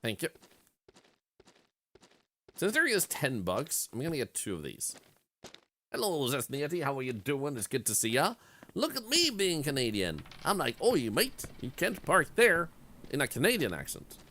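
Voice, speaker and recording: Chatty male streamer, lively pitch. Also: normal speed, pauses often. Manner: chatty, talks to chat and to game characters, playful. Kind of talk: casual gameplay commentary.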